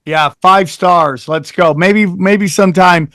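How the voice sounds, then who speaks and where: A man hosting a podcast in loud, crude, joking casual chat, plugging shows and riffing. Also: sits high, takes it slowly, dry recording, clean studio sound. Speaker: podcast host.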